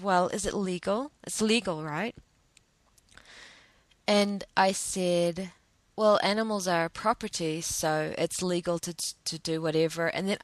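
Woman, vlog storyteller, emotional and halting, slight vocal fry. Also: fairly low pitch, no room sound. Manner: emotional, hesitant, many restarts. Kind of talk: personal storytime monologue.

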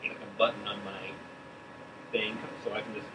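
A man's voice: on the low side, flat delivery, normal speed, distant mic. A man playing in a tabletop game, casual and joking, recorded away from the mic with air-conditioner hum. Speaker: player.

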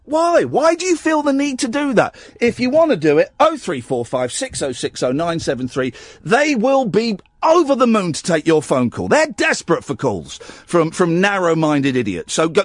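A man's voice: high voice, huge pitch swings, normal speed, no room sound, studio quality. A man hosting a late-night radio phone-in, jokey and rambling with stammering restarts.

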